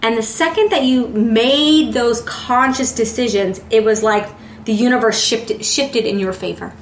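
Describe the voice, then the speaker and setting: A woman's voice: fairly high pitch, measured pace, a little hiss or hum. A woman giving a casual tarot reading in a chatty way, often filling with "like" and searching for words. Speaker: tarot reader. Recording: roomy echo.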